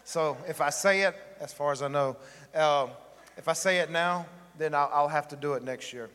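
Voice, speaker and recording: Brief: male preacher, casual joking sermon style, bit higher voice, reverberant sanctuary. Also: moderate pace, a bit bright, clean tone. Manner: joking, conversational preaching with the congregation. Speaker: pastor. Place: church sanctuary.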